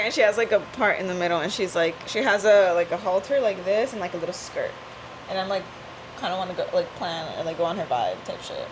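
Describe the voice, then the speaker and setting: A woman's voice: mid-range voice, slight background noise. A woman chatting casually on a podcast, rambling through stories with lots of "like". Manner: rambling, fills with "like", storytelling. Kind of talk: casual chat.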